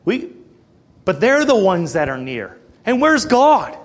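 A man's voice: high voice, very animated, slow pace. A man in his late thirties preaching a sermon in an earnest, conversational way, with asides and rhetorical questions. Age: 30s.

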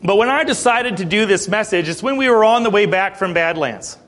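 Animated, high-voiced man preaching a sermon. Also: a little fast. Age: 30s. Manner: earnest, conversational, with asides and rhetorical questions.

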